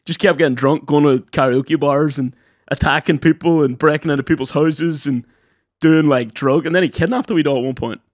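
A man's voice: a little high, fairly quick, no echo, studio quality. A young man co-hosting a podcast in casual, sweary chat, acting out people in his stories. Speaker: podcast co-host.

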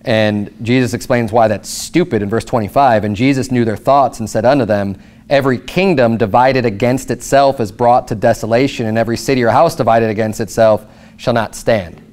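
Guy pastor preaching, reads verses slow then chats about them, voice mid-range. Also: darkish tone. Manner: reads scripture slowly, then explains in casual asides; rises sharply in pitch for emphatic rhetorical questions. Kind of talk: sermon.

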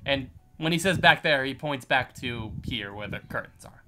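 Bright-voiced, rambling male game master. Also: medium pitch, animated, normal speed. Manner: rambling, filler-heavy, laughing often. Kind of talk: narrating an online tabletop game.

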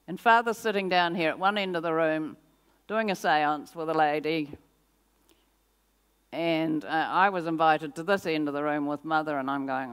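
An older woman giving a personal testimony as guest speaker in a church service, telling her story in a lively way, acting out her own reactions and laughing often. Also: sits low, clear, resonant tone.

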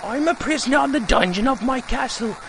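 A man doing a falsetto captive princess. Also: expressive, brisk, fairly bright tone, slight background noise, full character voice. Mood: pleading. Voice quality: strained falsetto. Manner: reading game text aloud, half laughing. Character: captive young princess pleading for help. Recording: game music playing behind.

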